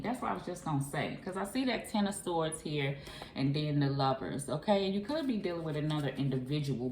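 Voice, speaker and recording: A woman reading tarot in a loose, chatty way. She keeps calling the listener boo and honey. Her voice sits a bit low, and the room around her echoes over a faint hiss. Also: a little mellow. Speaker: tarot reader.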